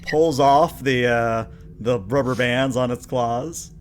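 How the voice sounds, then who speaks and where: A man narrating as game master of a tabletop game, playful and quick to ham up scenes. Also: mid-range voice, a little hiss or hum. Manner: playful, hams up voices.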